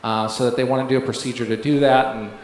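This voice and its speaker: A man's voice: mid-range voice, fairly even intonation, quick pace. A man giving a rambling testimony in a sermon, with many fillers and restarts, often laughing as he tells it. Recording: very echoey room, faint background noise.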